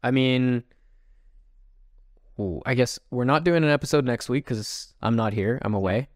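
Co-hosting a podcast in casual chat, this man stays cheerful and laughs frequently, speaking at normal speed in a mid-range voice. The sound is clean studio quality without any room echo.

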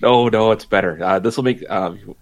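A man's voice: lowish voice, a little fast, dry recording. A man co-hosting a sports podcast, rambling through stories with profanity and laughing at his own jokes. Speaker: podcast co-host. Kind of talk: casual sports banter.

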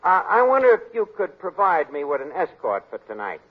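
An actor playing a tough, scheming bar manager, in 1940s radio comedy acting. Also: male voice, fairly high pitch, huge pitch swings, a little fast, slightly rough, full character voice. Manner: wisecracking, tough, laughs a lot. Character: fast-talking male bar manager, schemer. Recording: dull, slightly noisy old radio recording.

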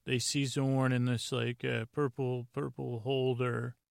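A man's voice: medium pitch, flat delivery, unhurried, creaky, smooth, no room sound, clean studio sound. A man hosting a bedtime podcast, rambling casually through an episode recap with many fillers and restarts. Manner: meandering, full of fillers and restarts; casually retells scenes with "he goes". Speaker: podcast host.

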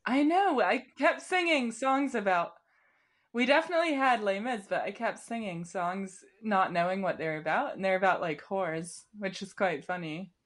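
A woman's voice: mid-range voice, normal speed. A woman hosting a podcast, chatty and giggly in casual conversation. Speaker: podcast host. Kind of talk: casual chat.

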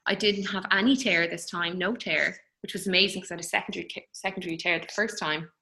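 A woman in her thirties telling her birth story in an interview, tender and halting, with many fillers. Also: lowish voice, bright, forceful tone, low-quality recording. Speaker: guest. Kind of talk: personal birth story in conversation.

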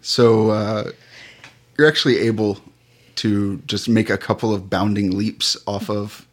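A man narrating as game master of a tabletop role-playing game, talking in a relaxed, halting way with many fillers. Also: fairly low pitch.

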